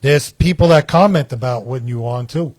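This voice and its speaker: A man's voice: medium pitch, normal speed, darkish tone, no echo. Chatty man hosting, dry sound. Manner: talkative, repeats himself and restarts often. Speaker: talk show host. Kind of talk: casual studio chat. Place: small studio.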